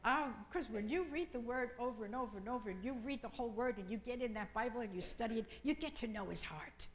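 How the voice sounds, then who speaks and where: A middle-aged woman preaching a sermon with fervent repetition, at times dropping to a soft whisper in prayer. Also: on the high side, quick pace, a little hiss or hum, rough recording.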